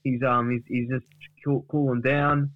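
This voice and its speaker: A man's voice: medium pitch, little pitch movement, measured pace, no echo, lightly acted. A man voicing a placating host who rambles and reassures. The sound is somewhat muffled and dry. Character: placating chatty male show host.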